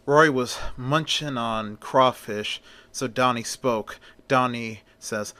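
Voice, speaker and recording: A man telling a story in a casual, folksy way, with a voice of middling pitch. He narrates loosely, as if talking to friends. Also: steady tone, slow, few pauses, sharp tone. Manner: folksy, often opens with "well".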